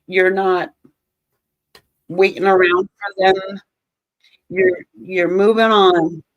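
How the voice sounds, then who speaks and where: A woman's voice: medium pitch, slow pace, no echo, highs cut off. A woman giving a casual tarot reading, joking and sarcastic, swearing and laughing often. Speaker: tarot reader.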